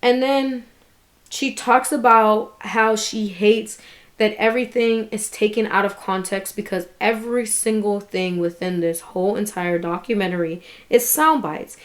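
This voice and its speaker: A woman talks straight to her viewers in a casual commentary vlog, candid and openly indignant. Her voice sits at an ordinary middle pitch, and she drops a curse word without a second thought. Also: steady tone, unhurried. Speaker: vlogger reviewing a documentary.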